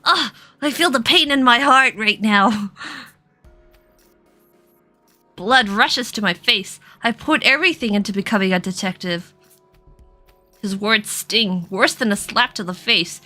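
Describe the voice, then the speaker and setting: Woman reading an earnest young male detective's assistant, dramatic, bright high voice, game dub. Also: normal speed, faint music behind. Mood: stung.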